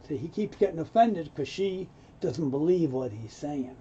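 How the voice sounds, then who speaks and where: A man's voice: on the high side, animated, normal speed, warm tone, slightly rough. A man teaching English pronunciation, explaining dropped sounds and acting out example lines in an offended tone. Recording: dull lo-fi sound.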